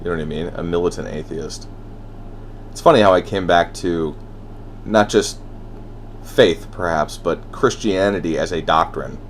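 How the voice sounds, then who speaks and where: A man giving a solo ranting monologue, blunt and profane, with wry laughs between thoughts. He swings between heated outbursts and quiet brooding. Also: sits low, normal speed, pauses often, a little hiss or hum. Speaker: podcast host.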